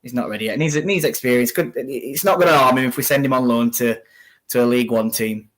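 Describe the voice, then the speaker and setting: A man's voice: mid-range voice, fairly quick, a bit bright. A man co-hosting a football watch-along, chatting and calling the live play. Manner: conversational, calls the live play as it happens. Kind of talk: casual football chat and live match commentary.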